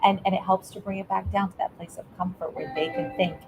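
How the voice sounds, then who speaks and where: A woman's voice: mid-range voice, steady tone, fast talker, vocal fry, over loud music, rough recording. A middle-aged woman, an educator, answering interview questions with earnest parenting advice, often restarting her words. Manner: earnest, warm coaching tone with frequent restarts. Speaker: guest, educator.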